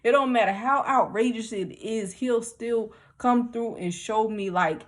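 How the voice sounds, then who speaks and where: A woman telling a personal spiritual story in a casual, animated way, laughing often and repeating herself as she talks. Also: fairly high pitch, unhurried, hardly any pauses. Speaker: vlogger sharing spiritual experiences.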